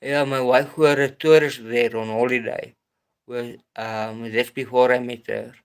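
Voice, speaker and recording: Man hosting a live stream, unhurried and halting, mid-range voice, stops and restarts often. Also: medium pitch, steady tone, clear, resonant tone. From South Africa. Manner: slow, hesitant, many restarts and fillers. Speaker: livestream host answering chat. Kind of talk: casual live-stream chat.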